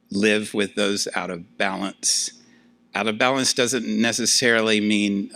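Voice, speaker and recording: An older man, a professor, giving a conversational lecture to a class, with frequent fillers and lively asides. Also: fairly low pitch.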